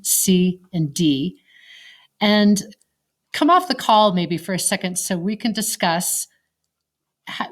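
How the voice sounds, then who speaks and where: Conversational woman giving an online lecture. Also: medium pitch. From Colorado, United States. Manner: conversational, asks the class questions. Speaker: teacher.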